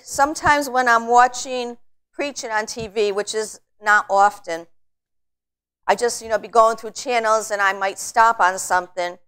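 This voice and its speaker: Middle-aged woman leading bible study, kinda high clear voice, earnest, slows way down for verses. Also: fairly bright tone. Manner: earnest, exhorting, reads scripture slowly.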